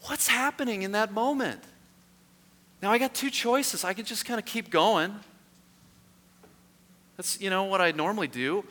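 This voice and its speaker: A pastor delivers a sermon in a casual storytelling way, poking fun at himself as he goes. His voice is bright and sits a little high for a man. It rings out with a long reverb, as if he is in a large hall. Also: moderate pace, long pauses. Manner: conversational storytelling, lively and self-mocking. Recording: echoey hall.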